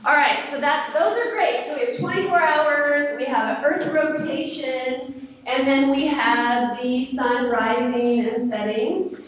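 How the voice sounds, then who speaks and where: A woman teaching a lively classroom lesson, asking the students questions and praising their answers. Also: high voice, slow pace, a little hiss or hum. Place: school classroom. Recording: echoey classroom from far off, dull.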